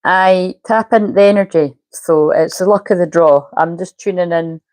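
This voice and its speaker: A woman's voice: fairly low pitch, normal speed, a little mellow, no echo, rough recording. A woman, a spiritual coach chatting casually on a live stream and muttering to herself while she fiddles with settings.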